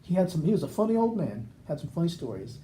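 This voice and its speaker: Man telling a rambling story, warm dark tone. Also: a little high, fast. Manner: rambling, animated anecdote with acted quotes. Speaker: podcast co-host. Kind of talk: casual storytelling chat.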